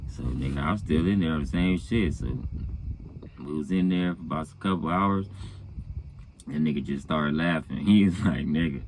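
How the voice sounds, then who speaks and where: Easygoing male storyteller, very low voice, loose and profane, chuckling as he goes. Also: moderate pace, creaky, darkish tone, slight background noise. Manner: laid-back, profane, peppered with "you know what I'm saying"; chuckles between phrases. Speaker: storyteller recounting his own past. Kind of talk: casual storytelling.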